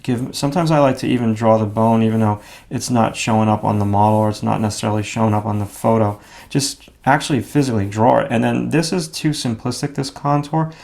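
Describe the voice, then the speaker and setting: A man giving a relaxed drawing lesson, talking through each stroke as he draws, with frequent fillers and self-critical asides. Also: fairly low pitch, fast talker, vocal fry, few pauses. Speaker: drawing instructor. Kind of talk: casual instructional narration while drawing.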